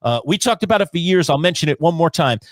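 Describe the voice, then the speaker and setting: A man co-hosting a casual fantasy football talk show, telling stories animatedly and acting out his own yelling. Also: fairly high pitch, fast talker, dry recording. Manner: animated storyteller who acts out his own shouting. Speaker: podcast co-host.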